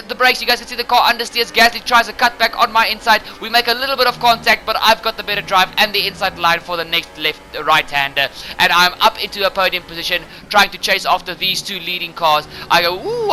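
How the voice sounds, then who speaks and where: A man commentating his own racing game playthrough in an excitable way, often speaking to his viewers directly. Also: sits high, slight background noise. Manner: excitable, talks to viewers as "guys". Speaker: gaming channel host.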